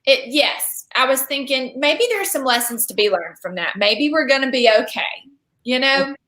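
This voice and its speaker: A woman's voice: sits high, animated, normal speed, bright, forceful tone. A woman, co-hosting a podcast in casual chat, folksy and reflective. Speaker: podcast co-host.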